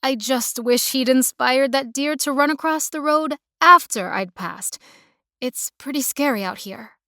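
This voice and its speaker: A woman's voice: high-pitched, measured pace, sharp tone, dry recording, clean studio sound, full character voice. A woman voicing a stranded city woman who talks in a guarded, stiff, precise way. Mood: wary.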